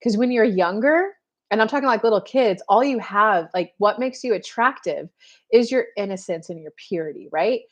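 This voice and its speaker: A woman's voice: medium pitch, expressive, moderate pace, muffled recording. A woman, a spiritual coach hosting a casual live show and chatting straight to her viewers with many fillers. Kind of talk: casual live-stream chat.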